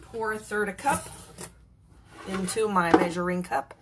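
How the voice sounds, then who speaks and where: A home cook who hosts her own channel chats casually in her kitchen while cooking, laughing often and cooing at her cats in a casual cooking vlog. Her medium-pitched voice is steady and measured, but the recording is very noisy, with loud clatter of dishes, cutlery and stirring behind her.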